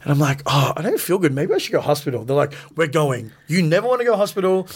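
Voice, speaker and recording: A man with a fairly high-pitched voice tells his stories in a relaxed, chatty interview. He gets animated and raises his voice when he acts out what people said. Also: fast talker, breathy edge. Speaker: professional wrestler guest. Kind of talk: casual storytelling in a podcast interview.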